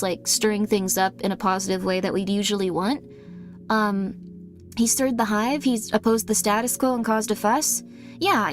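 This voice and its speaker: A woman streamer chatting casually with viewers, rambling with many fillers. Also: medium pitch.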